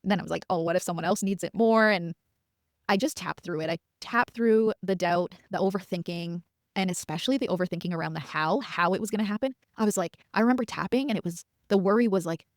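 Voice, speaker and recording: Speaking fast in a lowish voice, this thirtysomething podcast host shares a personal anecdote with plenty of chatter and the odd laugh. She drops in asides quoting her own thoughts, and the sound is clean studio audio without echo.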